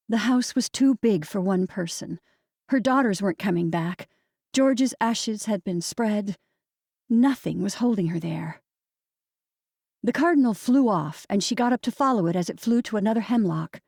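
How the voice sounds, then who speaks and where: A woman's voice: mid-range voice, moderate pace, mellow, dry recording. Woman narrator, dry close audiobook sound. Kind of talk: scripted narration.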